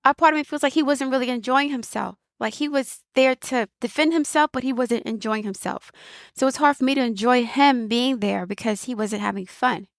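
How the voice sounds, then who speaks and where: A woman hosts her own channel, giving casual spoken commentary in a fairly high voice. She reflects aloud, piles up repeated phrases for emphasis and lets small laughs slip in. The sound is close and dry, with no room around it. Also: fairly quick, dry recording. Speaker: video host.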